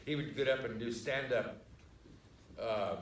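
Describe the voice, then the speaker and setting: A man's voice: mid-range voice, measured pace. A male actor chatting loosely about his memories at a live theater Q&A, with fillers and frequent "I mean". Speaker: actor guest on a panel. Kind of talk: casual recollection at a live Q&A. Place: theater stage in front of an audience. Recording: echoey, distant mic with background noise.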